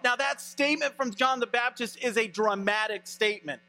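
A male pastor preaching a sermon in an animated, conversational way. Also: very high-pitched, moderate pace, few pauses, faint music behind.

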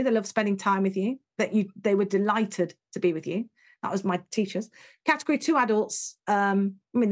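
A British woman talking in an interview, telling stories in an animated, emphatic way and acting out what people said. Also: medium pitch. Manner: animated, emphatic storyteller who acts out quotes. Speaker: interview guest, education speaker. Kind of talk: conversational interview.

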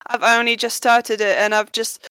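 A woman with a fairly high voice chats on a podcast, measured and appreciative. Her voice sounds dry and close, with no room sound at all. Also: flat delivery, sharp tone, clear, resonant tone, dry recording. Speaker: podcast co-host. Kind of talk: casual chat.

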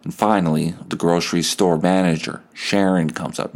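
A man's voice: low voice, steady tone, normal speed, few pauses. A male podcast host improvising a story, rambling and laughing at himself. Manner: rambling, laughs at his own tale.

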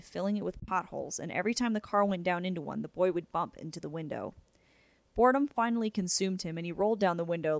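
A young woman hosting a podcast, reading a book chapter aloud in a casual, steady way. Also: on the low side, no room sound. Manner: casual, chatty intro then steady reading.

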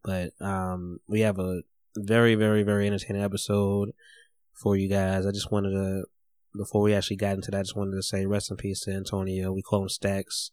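A man hosting a casual podcast, who talks haltingly and in a soft, subdued way. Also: deep voice, completely flat delivery, no echo, clean studio sound. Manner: halting, soft-spoken and subdued during the tribute. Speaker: podcast host.

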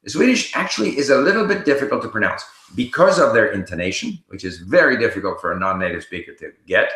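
A man hosting a casual live Q&A, reading viewer questions aloud and answering them in a relaxed, explanatory way while he thinks aloud. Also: medium pitch, quick pace, echoey room, low-quality recording.

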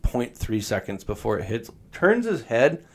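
A man's voice: medium pitch, big pitch swings, measured pace, creaky. Laid-back man in casual chat. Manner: laid-back, filler-heavy.

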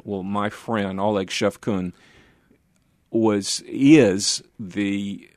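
An older man speaks in a low voice, recounting his years of ministry with earnest warmth and an easy laugh. The sound is close and dry, with no room around it. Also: no room sound. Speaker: pastor and guest.

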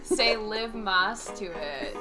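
A woman playing a comedic tabletop game, speaking in a dry, deadpan way. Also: mid-range voice, slow, loud music behind the voice. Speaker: player. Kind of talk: in-character game banter.

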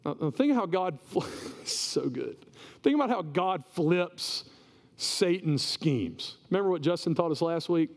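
A male pastor giving a sermon in a conversational, animated way, often repeating words as he goes. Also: a little high, measured pace. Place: church. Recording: reverberant church hall.

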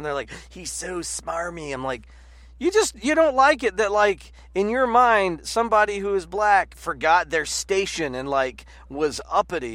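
A man in casual political chat, rambling and animated with lots of "like" and restarts. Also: high-pitched, no room sound. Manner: rambling, animated, heavy use of "like".

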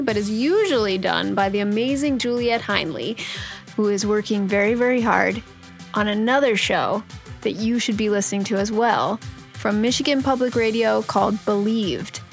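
A playful young woman hosts a casual podcast and tosses in puns between topics. Her voice sits at a middle pitch, and faint music plays under her. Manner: playful, punning, reads show credits. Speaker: podcast host and producer. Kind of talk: casual chat with her mother.

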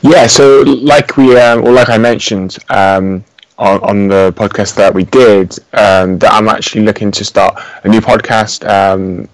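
Guy on a podcast, lowish voice, lots of ums, dry sound. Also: steady tone, measured pace, no room sound, poor audio. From United Kingdom. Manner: hesitant, many fillers and restarts, soft laughs. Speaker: podcast guest. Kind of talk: casual chat.

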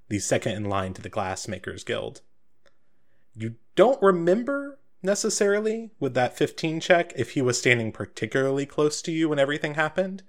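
A man narrating a tabletop game as game master, relaxed and rambling. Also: medium pitch.

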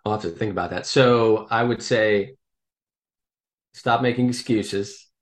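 Male interview guest with a lowish voice, speaks in a reflective, halting way. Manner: thoughtful, hesitant with fillers. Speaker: podcast guest. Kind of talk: casual interview.

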